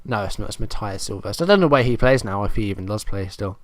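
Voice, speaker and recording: A man's voice: fairly low pitch, lively intonation, fast, dry recording. Exasperated man narrating a football game. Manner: exasperated, self-deprecating, muttering play-by-play. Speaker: gaming commentator. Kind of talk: casual let's-play commentary.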